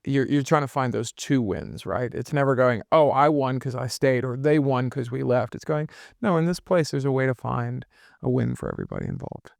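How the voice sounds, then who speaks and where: Male podcast host, 40s, gravelly but clear, earnest storyteller. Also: mid-range voice, moderate pace, no echo, studio quality. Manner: earnest storytelling, acts out quoted voices. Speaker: podcast host and business consultant. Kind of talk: reflective podcast conversation. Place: his home.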